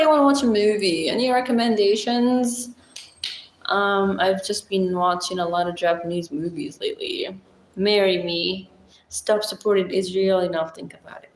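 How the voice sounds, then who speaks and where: Slow, chatty woman streaming from an echoey room. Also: mid-range voice, slight background noise. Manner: rambling, chatty, explaining language basics with fillers. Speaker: livestream host. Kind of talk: casual livestream chat answering viewers.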